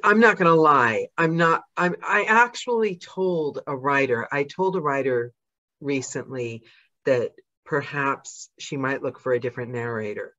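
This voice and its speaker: A woman's voice: extremely low pitch, unhurried, a bit bright. Woman podcast host, chatty and self-deprecating, slightly dull lo-fi recording. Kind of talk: casual interview chat.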